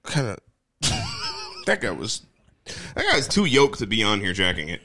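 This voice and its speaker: Loud teasing man with a wildly swinging voice. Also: wildly swooping pitch, normal speed. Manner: loud, teasing, swings his pitch widely. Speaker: co-host of a video chat stream. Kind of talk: crude joking banter with strangers. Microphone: headset.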